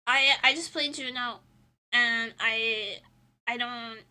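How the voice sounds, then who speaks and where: A woman's voice: a little high, steady tone, slow, bright, forceful tone, clean tone. A woman streamer chatting casually while she draws, rambling and laughing often between thoughts.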